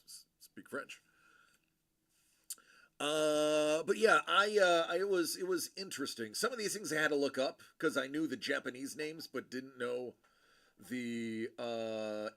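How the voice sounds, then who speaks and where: Bright, lively male stream host. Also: fairly high pitch. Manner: rambling and friendly, with many fillers and shout-outs. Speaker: livestream host. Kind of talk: casual chat with viewers.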